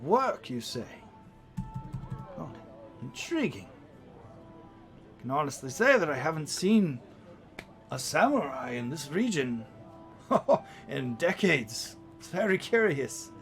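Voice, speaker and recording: A man's voice: on the high side, big pitch swings, slow pace, long pauses, soft background music, full character voice. A man voicing a courteous older male spell merchant with a polite, fawning manner. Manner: polite, fawning, calls everyone "my friend".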